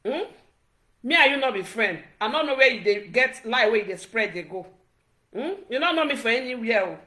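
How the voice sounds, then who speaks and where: A woman's voice: fairly high pitch, animated, a little fast, pushed and bright. A middle-aged Nigerian woman vlogger scolding her critics in a repetitive, Pidgin-laced rant. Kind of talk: direct-to-camera rant.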